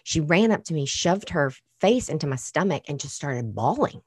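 A woman in her thirties, a mother, telling a personal story in casual chat, earnest and animated, with many fillers. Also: low voice, normal speed, husky, dry recording, studio quality.

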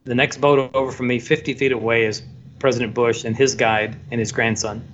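A man working as a photographer, telling a story in a casual, animated way and acting out the voices of the people in it. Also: medium pitch, a little fast. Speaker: photographer guest. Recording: dull lo-fi sound, faint background noise.

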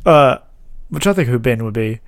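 A man's voice: mid-range voice, lively intonation, a little fast, no echo, studio quality. A man hosting a casual podcast chat, rambling and laughing as he retells scenes. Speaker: podcast host. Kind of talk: casual chat about a TV show.

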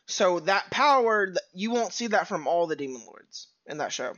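High-pitched male podcast guest, casual explainer, dull lo-fi recording. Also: big pitch swings, normal speed, a bit bright. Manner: explaining, asks himself rhetorical questions. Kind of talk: casual chat about anime.

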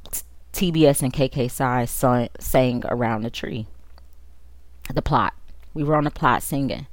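Woman podcaster with a really low voice, talking open and emotional about her own stuff, dry sound. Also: dry recording. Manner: candid and emotional, with quick asides. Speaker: podcast host. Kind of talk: personal storytelling on a podcast.

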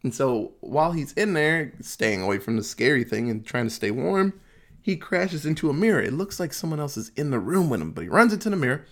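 A man's voice: medium pitch, sing-song, fairly quick. A man casually recapping a movie plot in a loose, jokey way, swearing freely.

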